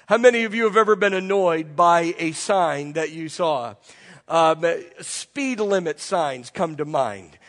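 Congested guy giving a sermon, pretty high voice, long echo tail, lots of questions and repeats. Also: lively intonation, a little slow, fairly bright tone. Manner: rhetorical questions and repeated phrases. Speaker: pastor. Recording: long reverb from a large room.

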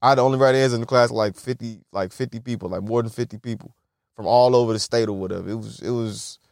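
This young podcast host talks fast in a gravelly, darkish, medium-pitched voice with fairly even intonation, recorded cleanly in a studio with no echo. He casually rambles through funny stories, swearing, laughing at his own jokes and often imitating other people's voices.

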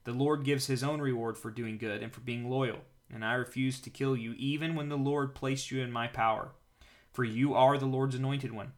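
A man's voice: mid-range voice, fairly even intonation, normal speed, natural voice. A man reading the part of a bold young male warrior, earnest and declaiming in a slightly raised voice.

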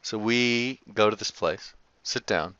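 An animated man tells a travel story to camera with plenty of laughter and swearing. His voice is bright and forward, and the sound is dry and a little dull, as on a lo-fi recording. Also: lowish voice, measured pace, smooth, dry recording. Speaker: travel vlogger.

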